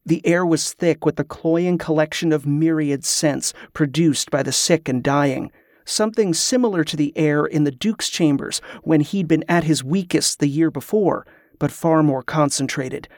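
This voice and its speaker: A man narrating a fantasy novel in a steady, measured way. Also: a little high, no echo, studio quality. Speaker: audiobook narrator.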